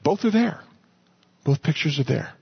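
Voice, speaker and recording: A man's voice: fairly high pitch, very animated, moderate pace, gravelly, husky. A man teaching a sermon earnestly, often repeating words as he finds his thought. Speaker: Bible teacher. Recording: muffled lo-fi recording.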